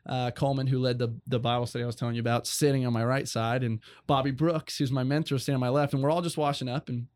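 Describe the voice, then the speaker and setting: A man's voice: mid-range voice, steady tone, fast, few pauses, darkish tone, no echo. Earnest young man telling his story. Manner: earnest, rambling storyteller with many restarts. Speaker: guest. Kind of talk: personal faith story.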